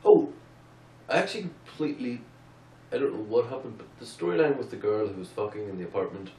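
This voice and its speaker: A man's voice: medium pitch, expressive, quick pace, a little mellow. A man co-hosting a casual film review, tossing in short, dry wisecracks. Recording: roomy, distant mic with faint room noise.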